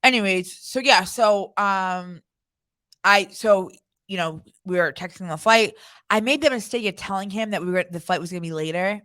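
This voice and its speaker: Animated, blunt woman telling a story. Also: medium pitch, moderate pace. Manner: animated, blunt, swears freely. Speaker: podcast co-host. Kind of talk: casual storytelling chat.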